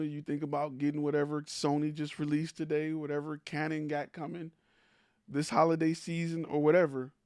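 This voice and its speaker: Host, male, slightly high voice, blunt and teasing, dry close mic. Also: a little mellow, no room sound. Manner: blunt, teasing, rhetorical questions. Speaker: host of a live stream for creators. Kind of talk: blunt motivational talk.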